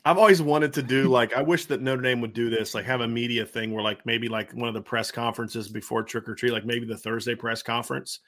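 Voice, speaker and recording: Fast-talking Southern American man podcasting. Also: mid-range voice. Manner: fast, animated, frequent fillers and restarts. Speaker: podcast host. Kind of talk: casual sports podcast chat.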